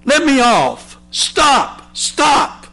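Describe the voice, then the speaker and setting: A fragile teacup lady cries out in a high, strained voice, begging for the pain to stop, as a man puts her on. Her pleas come slowly, drawn out and desperate, climbing well above the storyteller's usual voice. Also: big pitch swings, creaky, pushed and bright, full character voice. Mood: pleading. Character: delicate female teacup, pleading in pain.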